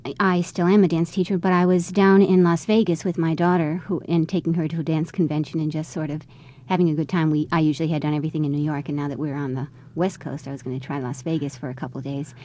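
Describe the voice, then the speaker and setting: A middle-aged woman tells a personal story in an interview. Her voice sits low and mellow, and she talks at a brisk clip, slipping into the voices of the people in her tale as she goes. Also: little pitch movement, dry recording. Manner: conversational, re-enacts quoted dialogue. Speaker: interviewee, mother.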